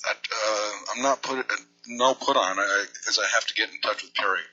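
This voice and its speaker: A man's voice: lowish voice, moderate pace, bright, forceful tone, slightly rough. Rambling man on a lo-fi phone tape. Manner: rambling, feigns confusion and hurt. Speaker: prank caller. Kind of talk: prank phone call.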